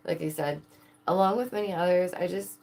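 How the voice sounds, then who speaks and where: Woman vlogger, low-ish voice, casual and excitable, rhetorical questions, quick laughs. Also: creaky. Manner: excitable, asks viewers many rhetorical questions, laughs often. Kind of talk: casual chat to camera.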